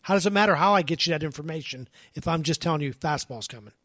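A man with a fairly high voice argues his side in a casual sports chat and keeps pressing with questions. The sound is dry and close-miked. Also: fast talker, a bit bright, no echo. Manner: argumentative, questioning. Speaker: co-host.

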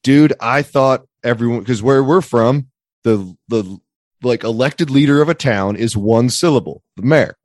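A man's voice: medium pitch, unhurried, a little mellow, no echo, clean studio sound. A man in casual podcast chat, rambling and joking with lots of restarts. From Pennsylvania area. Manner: rambling, jokey, restarts and stumbles. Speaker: podcast co-host.

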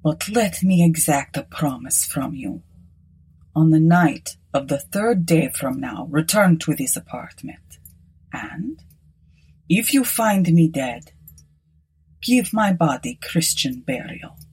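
A woman voicing an old male prophet who delivers solemn warnings slowly and gravely. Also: low-pitched, lively intonation, a little mellow, full character voice.

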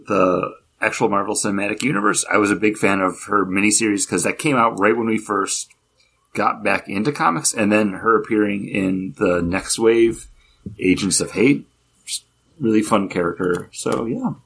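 A man's voice: lowish voice, normal speed, creaky, fairly bright tone, slightly rough. A man co-hosting a casual comics podcast, enthusiastic and playful. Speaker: podcast co-host. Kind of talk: casual chat about comics.

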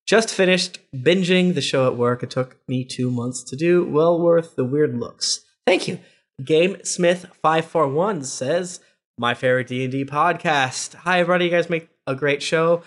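Man, podcast host, fairly high voice, reading listener reviews, casual, joking asides. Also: normal speed.

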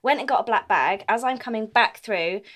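A woman's voice: fairly high pitch, moderate pace. Giggly woman telling stories. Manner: giggly, animated storytelling. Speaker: podcast co-host. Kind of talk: casual chat.

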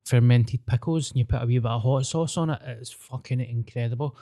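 A man's voice: mid-range voice, a little fast, dark tone, dry recording, clean studio sound. A Scottish man chatting on a podcast, telling stories in sweary, laid-back banter. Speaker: podcast co-host. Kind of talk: casual chat.

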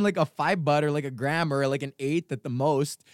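Podcast host, man from Canada, casual profane storyteller, smooth slightly high voice. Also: brisk, few pauses, no room sound, clean studio sound. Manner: profane, rambling storytelling with laughs. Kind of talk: casual rant.

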